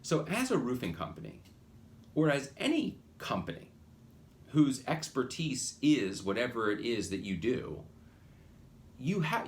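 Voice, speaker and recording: A man hosting a podcast, talking through a business lesson in a rambling, animated way that often breaks off mid-phrase and restarts. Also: medium pitch. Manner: animated, rambling, self-interrupting. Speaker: podcast host, marketing consultant. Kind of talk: casual monologue with acted quotes.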